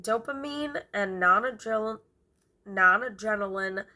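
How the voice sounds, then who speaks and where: Woman, amateur book reading, unhurried, bright tone, stumbles and self-corrects. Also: medium pitch. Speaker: vlogger reading a memoir aloud. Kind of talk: amateur read-aloud of a book.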